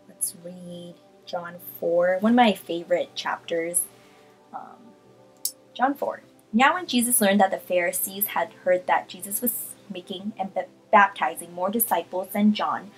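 An art vlogger with a medium-pitched voice chats casually with lots of ums, then reads a Bible chapter aloud. The audio quality is poor.

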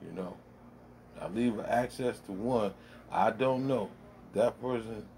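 A man's voice: lowish voice, slow pace, a little mellow, a little hiss or hum. Blunt, profane middle-aged man rambling. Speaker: vlogger. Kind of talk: casual rambling monologue. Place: home man cave.

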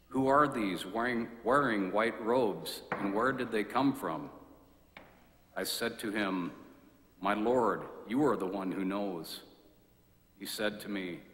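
A man serving as lector, reading scripture aloud at Mass in a measured, deliberate way. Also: on the low side, sharp tone, slight background noise. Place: large church. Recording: echoey church with long reverb.

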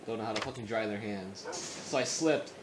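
A man's voice: fairly low pitch, normal speed. A young man chatting casually while gaming, rambling through stories, swearing a lot and laughing often. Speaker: gamer. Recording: echoey room with noise.

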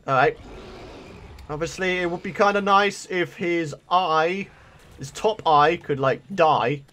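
High, bright-voiced gamer. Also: male voice, slow. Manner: chatty, excitable, exclaims often. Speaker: let's play host. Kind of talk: gameplay commentary.

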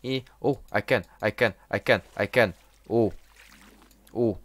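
Slow, frustrated man cursing at a game. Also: on the low side, no room sound. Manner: swears and shouts in frustration at the game. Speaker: gaming YouTuber. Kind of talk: let's play commentary.

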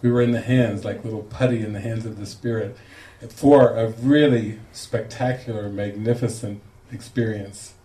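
A man, a spiritual teacher, telling a lively story to a group and acting out the quoted lines with laughter. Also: fairly low pitch, normal speed. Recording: echoey room, distant mic, faint noise.

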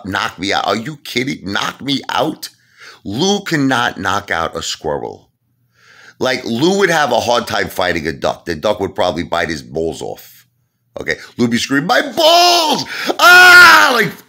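Brash lively man ranting to camera. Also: sits low. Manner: emphatic and repetitive, keeps saying "listen to me" and "okay?". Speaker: vlogger. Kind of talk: comedic trash-talk rant to camera.

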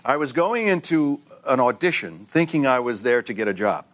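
Older male guest, animated storyteller who does voices, mid-range voice, TV studio. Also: mid-range voice, normal speed. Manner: animated storyteller, acts out other people's voices. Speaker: guest actor. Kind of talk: casual anecdotal chat. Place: TV talk show studio.

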